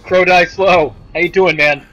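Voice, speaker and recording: A man's voice: sits high, steady tone, unhurried, a bit bright, lo-fi sound, soft background music. A man casually commenting while he streams a video game, joking and chatting with viewers. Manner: joking, sarcastic, talks to chat viewers.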